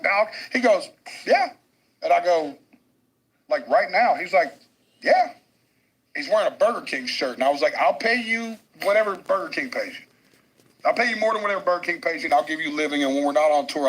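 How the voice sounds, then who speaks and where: Husky man telling a wild story. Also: fairly high pitch, a little fast, low-quality recording. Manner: excitable, laughing often, crude. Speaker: podcast guest telling a story. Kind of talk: animated storytelling.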